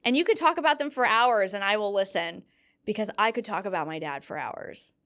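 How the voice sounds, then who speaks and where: A young adult woman with a mid-range voice talks a little fast as a guest in a casual conversation about grief. She tells stories earnestly and with feeling, animated and using fillers.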